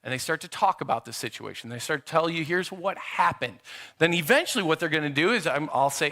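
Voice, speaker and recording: Man, middle-aged, pastor, church sermon, high-pitched, bright, animated, conversational. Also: quick pace. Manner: conversational, acts out quotes of children. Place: church sanctuary.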